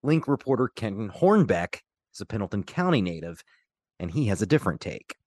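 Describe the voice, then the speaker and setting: A man narrating a scripted news feature in a measured, clear way. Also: lowish voice, sing-song, a little mellow, dry recording. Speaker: radio reporter and narrator.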